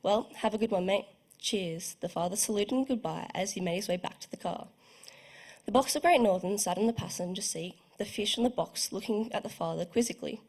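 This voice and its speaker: A woman's voice: mid-range voice, a little fast, darkish tone. A young woman reading her own short story aloud at a book launch, careful and evocative, with the odd small slip. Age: young adult. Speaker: student writer reading her work. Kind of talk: literary reading.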